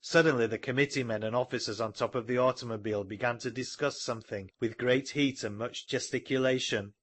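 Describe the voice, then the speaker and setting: A man reading an audiobook in a measured storytelling manner, recorded close to the mic. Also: medium pitch, fairly even intonation. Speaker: audiobook narrator. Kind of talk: scripted narration.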